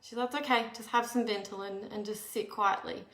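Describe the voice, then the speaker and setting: A woman's voice: mid-range voice, steady tone, fairly bright tone. Earnest woman telling her story, echoey room. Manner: earnest and candid, with quick restarts. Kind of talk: personal storytelling talk.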